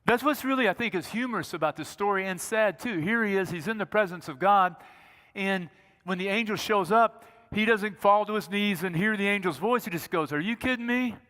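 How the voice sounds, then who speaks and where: Bright-voiced pastor preaching in a church. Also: male voice, high voice, brisk. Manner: conversational, humorous storytelling. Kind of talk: sermon. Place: church sanctuary. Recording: reverberant church sanctuary.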